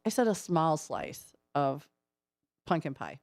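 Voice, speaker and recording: A woman's voice: sits low, expressive, normal speed, darkish tone, no echo. A woman co-hosting a morning radio show, telling a story in a playful, over-the-top mock-dramatic way, in a casual chat. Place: radio studio.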